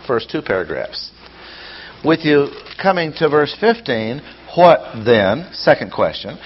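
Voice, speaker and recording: A man's voice: mid-range voice, very animated, slow pace. A man teaching scripture verse by verse, reading passages aloud, then explaining them and asking rhetorical questions. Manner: poses rhetorical questions to listeners. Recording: dull lo-fi sound with faint noise.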